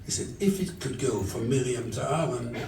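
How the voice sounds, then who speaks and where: A rabbi from England giving a sermon at a charity event, telling stories and acting out the dialogue. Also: male voice, mid-range voice, normal speed, a little mellow, faint music behind. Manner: storytelling, quotes scripture and acts out dialogue. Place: event hall. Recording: echoey room, distant mic.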